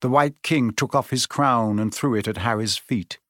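A man reads a storybook aloud in an even, measured way at a middle pitch. The recording is dry and close, with no room around the voice. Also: dry recording. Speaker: audiobook narrator. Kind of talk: storybook narration.

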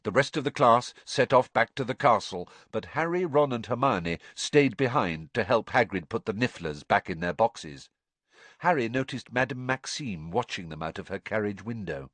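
A man reading an audiobook with expressive storytelling. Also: medium pitch, moderate pace, dry recording. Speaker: narrator.

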